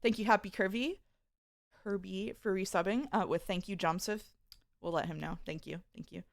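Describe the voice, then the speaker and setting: There's vocal fry in this woman's mid-range voice, and she talks at a moderate pace. As a streamer in casual live-stream chat, she reads viewer messages aloud and laughs often, chatty and giggly throughout.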